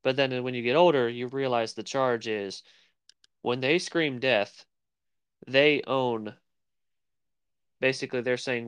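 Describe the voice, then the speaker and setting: A man's voice: medium pitch, steady tone, measured pace, long pauses, a bit bright, smooth, no echo. A man co-hosting a casual film podcast, rambling and searching for words as he talks. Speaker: podcast co-host. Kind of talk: casual chat about film.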